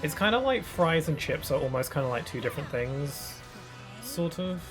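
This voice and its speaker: A man's voice: on the high side, very animated, normal speed, music in the background. A man with a British accent, a gaming streamer, musing casually with rambling fillers while he plays.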